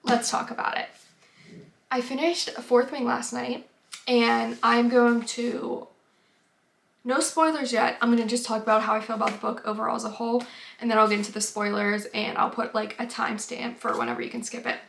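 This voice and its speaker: Chatty young woman, gravelly edge. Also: fairly high pitch, fairly even intonation, moderate pace, a bit bright, a little hiss or hum. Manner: chatty, filler-heavy, drops to whispers at times. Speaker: book vlogger. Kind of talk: casual reading vlog.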